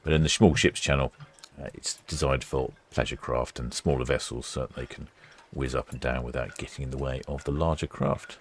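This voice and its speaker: A man with a very deep voice gives relaxed live commentary. He rambles from thought to thought and fills the gaps with plenty of uhs. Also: a little fast, a little hiss or hum. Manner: chatty, rambling, with many fillers. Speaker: ship-watching livestream host.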